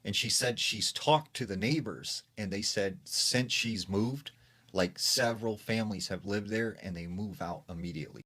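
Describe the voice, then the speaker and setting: A man's voice: lowish voice, moderate pace, background noise. A man casually retelling a secondhand creepy story, peppering it with filler words.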